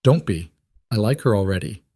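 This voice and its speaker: Man doing a chill low-voiced mafia boss, dry and amused, audiobook. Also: moderate pace, dry recording. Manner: calm, assured, dryly amused. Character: calm charming mafia boss, patient and assured. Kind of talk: audiobook character voice.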